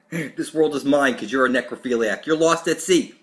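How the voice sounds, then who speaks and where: A man hosting his own channel, delivering an aggressive, profane, preachy rant straight to camera. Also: mid-range voice. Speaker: channel host. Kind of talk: ranting monologue to camera.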